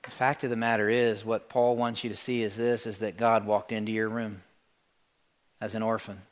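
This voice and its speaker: A man's voice: fairly low pitch, normal speed. A male pastor preaching a sermon to his congregation, telling stories, repeating words and talking straight to the listeners. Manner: animated storytelling, acts out voices in quotes.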